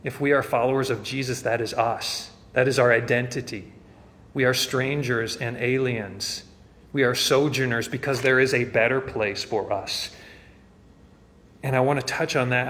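A man's voice: medium pitch, steady tone, moderate pace, fairly bright tone, big-room sound. A man preaching a sermon as pastor, earnest and rising to fervent emphasis.

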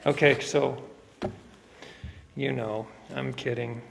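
A man with a fairly high, gravelly voice preaches a sermon, mixing joking asides with rising, emphatic delivery. His voice rings out with the long reverb of a large hall. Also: unhurried, fairly bright tone, slight background noise. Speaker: pastor.

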